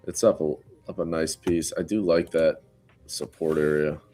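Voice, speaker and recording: A laid-back man with a very deep voice gives dry comments on stocks during a casual trading chat. Faint music and keyboard typing sit behind him. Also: steady tone, normal speed, mellow. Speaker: trader co-host.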